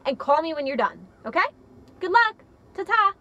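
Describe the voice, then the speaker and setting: Lady doing a sly crime boss, high lively voice, cool and mocking. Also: normal speed, dull audio, exaggerated voice. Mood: smug. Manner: sly, sing-song, mocking. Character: cold female crime boss, sly and smug.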